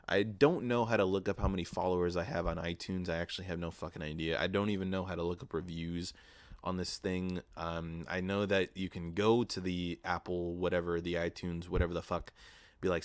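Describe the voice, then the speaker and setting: A young man hosting his own podcast, ranting casually and profanely with animated mock voices. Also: low voice, dry recording. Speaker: podcast host. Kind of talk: casual solo podcast rant. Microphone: podcast microphone.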